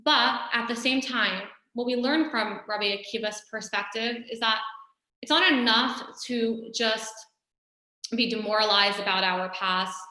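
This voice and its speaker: A woman's voice: a little high, measured pace, sharp tone. A woman teaching a religious lesson in a conversational, storytelling way, often saying "you know". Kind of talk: recorded Torah lesson. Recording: echoey room.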